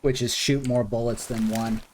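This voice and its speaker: A man streams a video game and talks casually throughout. He rambles and thinks aloud in an easygoing way, and his voice sits at a middling pitch. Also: steady tone, normal speed, slight background noise. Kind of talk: casual gaming commentary.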